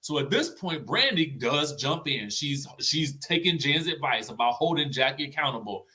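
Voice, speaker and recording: A man hosting a casual reality-TV recap, chatty and animated, often tagging his sentences with "okay?" and "you know what I'm saying?". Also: a little high, normal speed. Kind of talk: casual commentary vlog.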